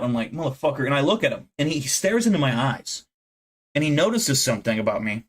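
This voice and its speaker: Rambling and bragging to his chat, a brash young American streamer swears freely as he hosts a casual livestream. His voice sits at medium pitch with a fairly bright tone.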